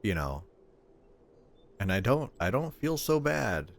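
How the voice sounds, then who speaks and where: A man's voice: lowish voice, big pitch swings, slow pace, vocal fry. A young man streaming and chatting casually, rambling and repeating his words as he goes. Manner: rambling, repeats words, quotes family in voices. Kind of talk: casual chat.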